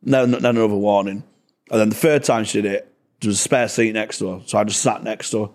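A young man, a stand-up comedian chatting on a podcast. He tells stories bluntly, swears a lot and gets animated. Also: fairly low pitch, quick pace. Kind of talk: casual podcast chat.

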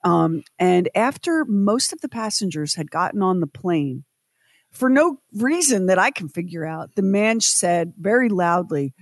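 A woman co-hosting a radio show, telling a story with lively quoted voices. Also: mid-range voice, slow pace, no room sound. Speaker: co-host. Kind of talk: casual chat.

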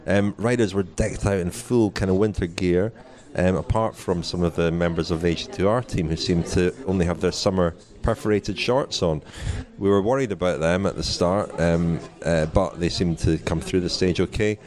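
A man's voice: sits low, normal speed, hardly any pauses, darkish tone. A man hosting a podcast, leading a genial, wry conversation from a small restaurant. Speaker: podcast host. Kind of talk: hosting a casual podcast chat.

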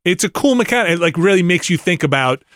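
A man's voice: sits high, lively intonation, quick pace, a bit bright, no echo, clean studio sound. A middle-aged man co-hosting a podcast, chatting casually about video games and rambling through restarts and fillers. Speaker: podcast co-host.

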